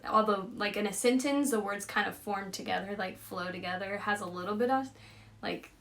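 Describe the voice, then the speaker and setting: A woman's voice: mid-range voice, fairly quick, a bit bright, slight background noise. A woman hosting a casual chat, rambling and giggly, often trailing off mid-thought. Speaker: host.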